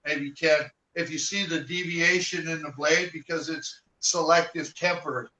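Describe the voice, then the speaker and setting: A man tells rambling stories in a casual interview, slipping into the voices of people he quotes. His voice is a little high and forceful, and it sounds bright. It reaches the mic from across an echoey room with a faint hiss of noise. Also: fairly even intonation, unhurried, distant mic. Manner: rambling, acts out quoted dialogue. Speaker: martial arts guest.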